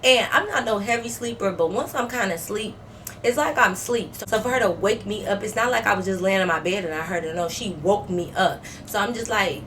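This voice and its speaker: A woman vlogger telling a story in casual storytime style, animated and profane, acting out quoted dialogue. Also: mid-range voice, fairly quick, slight background noise.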